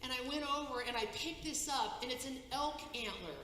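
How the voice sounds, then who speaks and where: A woman giving a personal testimony on stage, telling a dramatic story with halting restarts and breathless pacing. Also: sits high, sharp tone. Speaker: conference speaker. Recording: echoey hall, faint noise.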